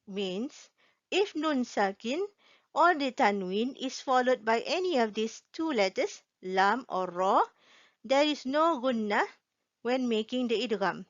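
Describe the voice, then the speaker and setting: Woman w teaching, slow, bit higher voice, dull dry recording. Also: no room sound. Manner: patient, checks in often with "okay?" and repeats each rule. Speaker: Quran recitation teacher. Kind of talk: slow explanatory online lesson.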